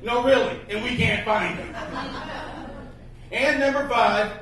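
A man performing a stand-up routine on a club stage, delivering deadpan one-liners. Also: extremely high pitch, measured pace, a crowd in the background. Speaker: stand-up comedian. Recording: echoey club mic from a distance. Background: audience laughter.

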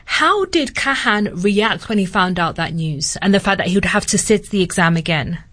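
A woman interviewer asking questions in a measured, clear way. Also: mid-range voice, animated, fairly bright tone.

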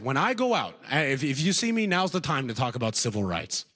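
A young man telling a stand-up comedy story, animated and full of rhetorical asides. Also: medium pitch, a little fast, few pauses. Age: young adult. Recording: long hall reverb.

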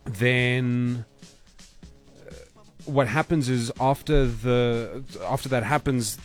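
A man's voice: medium pitch, steady tone, slow pace, faint music behind. A man presenting sports news on a radio show, explaining rule changes patiently and steadily.

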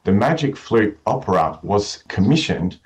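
A man in a radio interview, explaining his concert program with enthusiasm and many restarts, his voice rough from the morning. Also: fairly low pitch, very animated, unhurried, rough recording. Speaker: conductor.

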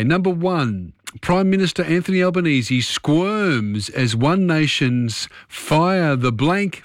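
Genial radio host, dry sound. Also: male voice, mid-range voice, no room sound. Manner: genial, chatty, quick to laugh. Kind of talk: late-night talk radio quiz hosting. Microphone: studio microphone.

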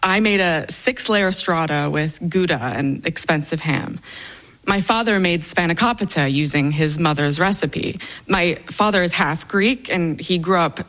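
A woman's voice: on the low side, measured pace, a bit bright. A young adult woman telling a personal story on stage, with a wry, dryly humorous delivery.

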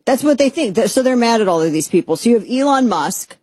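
A woman hosting a talk radio show, speaking in a sarcastic, exasperated monologue with quick asides. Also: a little high, animated, darkish tone, breathy edge, no room sound.

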